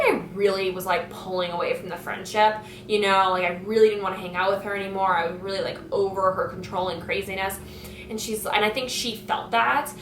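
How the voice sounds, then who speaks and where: A woman's voice: medium pitch, fairly bright tone, slight background noise. A young woman telling a story from her school days in a casual, chatty way, full of "like" and "you know". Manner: chatty, lots of filler "like". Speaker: vlogger. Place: home, kitchen nearby. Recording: echoey room, mic at a distance.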